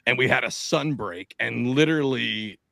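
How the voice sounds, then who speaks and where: Gravelly-voiced man telling stories. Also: medium pitch, moderate pace, sharp tone, dry recording. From Seattle, Washington. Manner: profane, storytelling, mimics other people's voices. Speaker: podcast co-host. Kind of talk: casual podcast chat.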